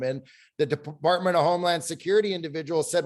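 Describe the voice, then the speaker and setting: Storytelling man, fairly high voice. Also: steady tone, quick pace, darkish tone. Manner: storytelling, acts out quoted dialogue. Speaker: panel guest. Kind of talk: anecdotal panel discussion.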